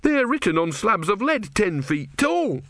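Storybook role: an outraged pious young monk, voiced by a male narrator in a high, shrill, snarling voice. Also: very animated, measured pace, fairly bright tone, dry recording, studio quality, exaggerated voice. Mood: indignant. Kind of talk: audiobook character voice.

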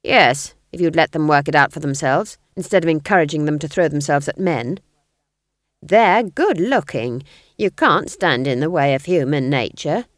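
A woman reading the part of a stern, proud old female witch, speaking flatly with clipped, cutting lines. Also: sits low, normal speed, dry recording, studio quality.

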